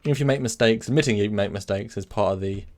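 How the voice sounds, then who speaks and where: Speaking quickly in a low, darkish voice, a man runs a casual live stream. He goes off on tangents, backtracks to correct himself, and answers chat by reading the messages out.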